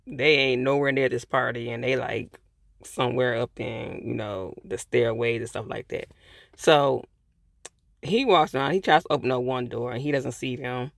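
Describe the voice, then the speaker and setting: Gravelly-voiced man recapping an episode. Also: mid-range voice, fairly bright tone, no room sound, studio quality. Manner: loose, conversational retelling with lots of filler asides. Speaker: TV episode reviewer.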